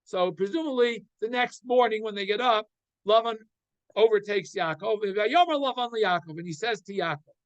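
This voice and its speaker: A man's voice: high voice, moderate pace, dry recording, dull audio. A man giving a weekly Torah class, translating Hebrew verses line by line and explaining them. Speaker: Torah teacher.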